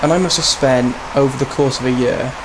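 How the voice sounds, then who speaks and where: A man's voice: mid-range voice, fairly even intonation, brisk. Chatty man narrating a train game. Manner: rambling, chatty, laughs at himself. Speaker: streamer playing a train simulator. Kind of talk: casual gameplay commentary and storytelling. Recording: game noise behind the voice. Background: train simulator engine and rail sounds.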